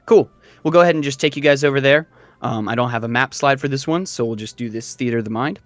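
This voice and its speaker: A man running a tabletop game as dungeon master, narrating in a relaxed, conversational way. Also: mid-range voice, fast, no room sound.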